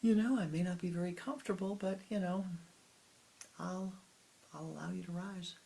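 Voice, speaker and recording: A spiritual teacher giving a meditative sermon, speaking slowly and softly, often sinking into a whisper, with long pauses. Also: mid-range voice, gravelly. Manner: slow, soft, often dropping into whispers; unhurried with long pauses, halting restarts.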